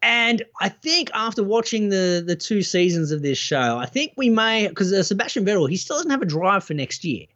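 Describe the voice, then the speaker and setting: A man co-hosting a podcast in joking casual chat, his voice a little high and very lively in pitch. He often restarts his sentences. The sound is dull and lo-fi. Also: moderate pace, few pauses. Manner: animated, joking, restarts a lot. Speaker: podcast co-host.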